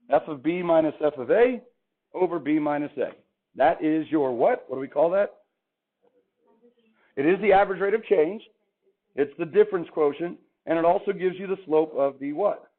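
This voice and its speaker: A man's voice: a little high, brisk. A male math teacher lecturing a classroom, chatty and quizzing the students as he goes. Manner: chatty, asks the class questions. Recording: tinny phone-like classroom recording.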